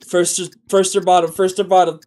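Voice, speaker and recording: A man's voice: sits high, level tone, normal speed. Exasperated, swearing gamer man. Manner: exasperated, swears often, breaks into loud outbursts. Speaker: streamer. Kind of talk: casual gameplay commentary.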